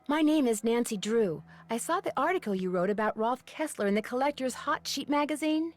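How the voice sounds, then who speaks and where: A woman's voice: fairly high pitch, animated, brisk, natural voice. An actress voicing a young woman amateur detective who asks polite, earnest questions in a video game. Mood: curious.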